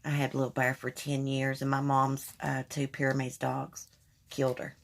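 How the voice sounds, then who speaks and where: Her voice is extremely low, creaky, and completely flat, moving at normal speed. On a casual phone livestream, she candidly shares personal stories and addresses her viewers as y'all.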